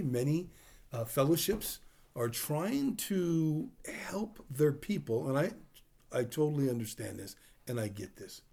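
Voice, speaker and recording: A man's voice: mid-range voice, warm tone. A man preaching a sermon in a conversational, storytelling way, acting out the dialogue of the people in his stories. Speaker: pastor.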